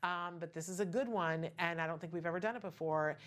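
A woman's voice: fairly low pitch, fast, a bit bright. A middle-aged woman hosting a casual talk show, chatty and emphatic with many asides and rhetorical questions. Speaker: podcast host.

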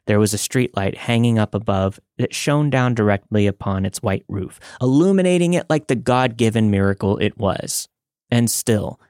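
Low-voiced man reading a scary tale. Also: a little mellow, dry recording, clean studio sound. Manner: measured, dramatic storytelling. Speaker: podcast host reading listener stories. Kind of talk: scripted narration.

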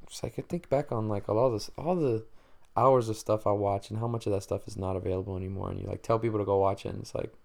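Fast-talking and gravelly, this Mexican-American podcast host has a fairly low, steady voice with a darkish tone. Alone on the mic, he keeps things loose with rambling talk, frequent jokes, and plenty of fillers.

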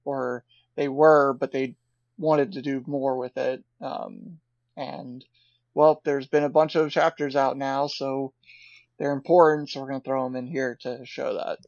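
A man co-hosting a podcast, chatting casually and relaxed, agreeing and adding his views. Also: mid-range voice, unhurried, gravelly, dry recording. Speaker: podcast co-host. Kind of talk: casual chat. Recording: dull, dry lo-fi mic.

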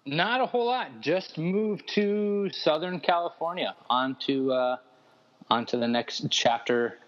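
A man from Denver, a fitness coach guesting on a podcast, talking in a laid-back way with many pauses and ums. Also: a little high, expressive, highs cut off. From Denver, USA. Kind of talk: casual podcast interview.

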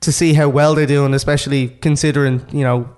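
A man on a football podcast, excitable and rambling, often restarting his sentences. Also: medium pitch, brisk, clean tone. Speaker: podcast panelist. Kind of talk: casual football podcast chat.

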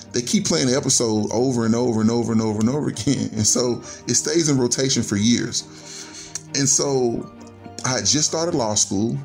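A middle-aged storyteller guest from Chicago shares a personal story, earnest and conversational, often tying his thoughts together with "and so." His voice sits lowish with vocal fry and a darkish tone.

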